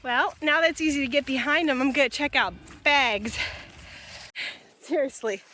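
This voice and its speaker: With a high, bright and forceful voice at a moderate pace, a young woman vlogs casually while doing chores outdoors on her farm, sing-songing to call in her cattle.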